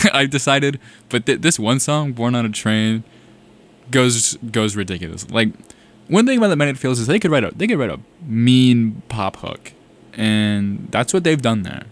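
Young male college radio host from South Carolina; low-pitched, loose and excitable, keeps restarting his sentences. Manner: rambling, self-correcting, enthusiastic. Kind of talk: casual radio chat.

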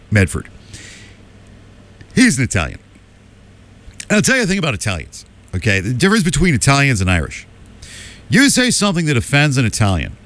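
A man's voice: mid-range voice, fairly bright tone. A man hosting a radio talk show, delivering a combative opinion monologue with emphatic asides. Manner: combative, emphatic, keeps asking "okay?".

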